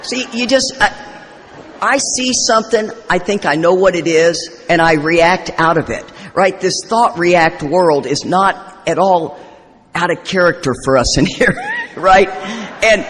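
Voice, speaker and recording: Brief: middle-aged woman, wry storyteller, live in a hall with a faint hum behind. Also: on the low side. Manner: humorous, self-deprecating, rambling. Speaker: recovery convention speaker. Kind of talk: storytelling recovery talk. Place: convention hall. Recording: live talk in echoey hall.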